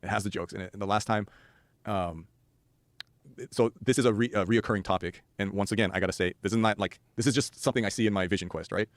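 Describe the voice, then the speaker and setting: A man's voice: on the low side, steady tone, fast, dry recording. A man guest on a podcast, telling a story in a rambling, profane way with many restarts. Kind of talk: casual storytelling chat.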